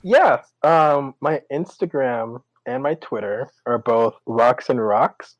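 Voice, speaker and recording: A man's voice: medium pitch, slow, hardly any pauses, dry recording, low-quality recording. A young man, a podcast guest in casual chat, laughing often and stumbling over his words.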